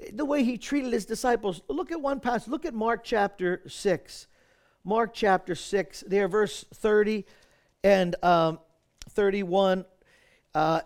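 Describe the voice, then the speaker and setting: Male pastor, higher voice, warm folksy sermon delivery with scripture readings. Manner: earnest, folksy, reads scripture aloud, frequent "right?".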